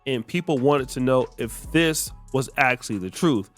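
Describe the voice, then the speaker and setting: A man's voice: mid-range voice, animated, normal speed, a bit bright, soft background music. Male podcast host narrating gossip. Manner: conversational, narrating clips to viewers. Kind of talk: casual commentary on celebrity gossip.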